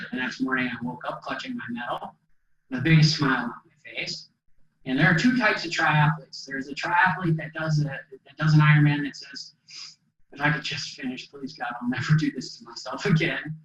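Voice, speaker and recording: A man's voice: medium pitch, a bit bright, slight background noise. A middle-aged man speaking to an audience as a motivational speaker, telling a personal story in a conversational way, with fillers and acted-out quotes. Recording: dull echoey hall sound from a distance.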